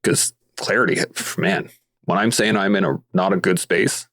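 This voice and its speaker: Canadian guy on a podcast, really low voice, earnest, keeps using analogies. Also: normal speed, a bit bright. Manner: earnest, explains through everyday analogies. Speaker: podcast guest, veteran advocate. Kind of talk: casual podcast conversation.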